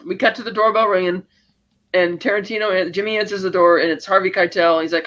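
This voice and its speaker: A man co-hosting a podcast, retelling a movie scene by scene in a rapid, rambling casual chat. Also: high voice, steady tone, bright, forceful tone, dull audio. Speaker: podcast co-host.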